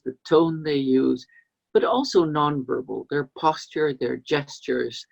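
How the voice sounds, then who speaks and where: Woman, coach, explanatory talk to camera, husky, muffled low-fidelity audio, acts out example voices. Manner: acts out example voices with a lively, expressive delivery. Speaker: business coach and trainer.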